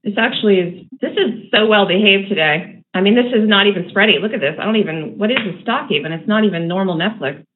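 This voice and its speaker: A woman hosting a live day trading stream, talking excitedly to herself and her viewers with frequent laughter. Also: medium pitch, quick pace, few pauses. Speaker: day trading show host. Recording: tinny phone-like audio with faint noise.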